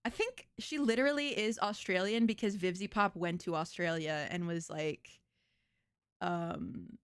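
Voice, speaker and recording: A woman's voice: on the low side, unhurried, clean tone, no echo. A woman streamer chatting casually in a reaction stream, rambling, laughing and swearing freely.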